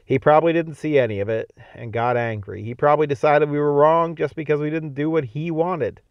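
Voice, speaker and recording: A man reading as a calm, shrugging young soldier. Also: on the high side, fairly quick, dry recording, dull audio, lightly acted.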